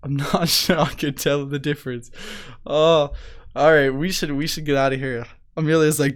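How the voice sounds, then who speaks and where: A man's voice: on the high side, flat delivery, normal speed. A man with a Canadian accent, co-hosting a casual podcast chat, joking and laughing often as he talks. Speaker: podcast co-host. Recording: live stream.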